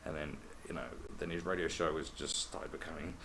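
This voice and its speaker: A man's voice: rumbling low, flat delivery, a little fast, gravelly, sharp tone, slight background noise, poor audio. A man hosting a podcast, telling rambling, sweary stories in a casual monologue.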